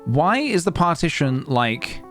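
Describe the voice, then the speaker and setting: A man's voice: a little high, sing-song, unhurried, fairly bright tone. A young man chatting playfully and rambling while live-streaming a game, breaking into sing-song noises. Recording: faint guitar music behind.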